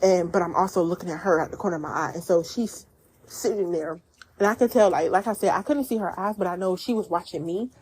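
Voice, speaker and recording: A woman's voice: fairly low pitch, fast, husky. A woman, telling a personal story in a casual vlog, animatedly acting out what she and others said. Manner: animated storyteller, quotes herself and others in dialect-rich speech.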